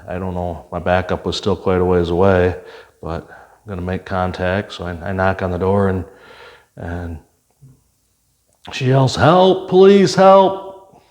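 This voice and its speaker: In a deep, slightly mellow voice, an older man who retired from police work tells career stories conversationally. His speech is plain-spoken and peppered with fillers and restarts.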